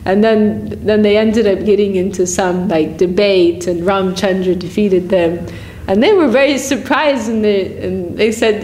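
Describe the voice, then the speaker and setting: A woman leads a morning devotional class, retelling a saint's story at a slow, unhurried pace. Her pitch sits in the middle of the usual range, and she often restarts phrases and breaks into soft laughs as she goes. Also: fairly even intonation. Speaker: class speaker.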